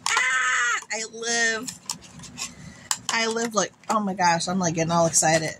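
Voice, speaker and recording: A woman beauty vlogger unboxing friend mail, gushing and excitable, calling her viewers "girl". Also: mid-range voice, a little slow, heavy background noise.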